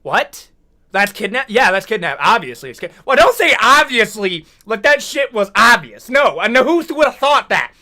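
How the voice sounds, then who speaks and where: A man's voice: high voice, moderate pace. A young American man ranting and joking in casual commentary, full of slang and mock outrage. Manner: animated, joking, rants with slang like "brother, what?". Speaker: video commentator.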